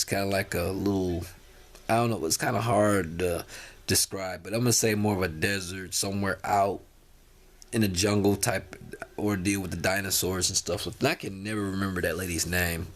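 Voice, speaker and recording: A tired man talking casually to his viewers, rambling with many restarts and fillers. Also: sits low. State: tired, yawning. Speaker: vlogger. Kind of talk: casual talk to camera.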